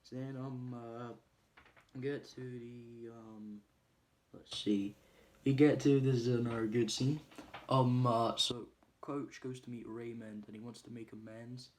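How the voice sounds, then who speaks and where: A man's voice: mid-range voice, steady tone, unhurried. A man casually retelling a film plot, hesitating often with ums and uhs. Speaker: movie reviewer.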